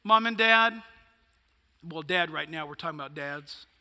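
A man's voice: on the high side, normal speed, sharp tone, in a large hall. A male pastor preaching a sermon, emphatic and punchy, firing off rhetorical questions.

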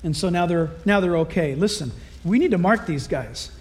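High-voiced animated male preacher. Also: normal speed. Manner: animated, acts out voices of Bible characters. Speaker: pastor. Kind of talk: sermon.

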